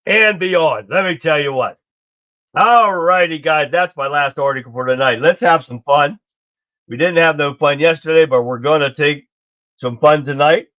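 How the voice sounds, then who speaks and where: A man's voice: on the high side, normal speed. Folksy man hosting a lo-fi stream. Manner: folksy, chatty, addresses viewers by name. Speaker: live stream host. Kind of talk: casual political live stream. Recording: dull lo-fi stream audio.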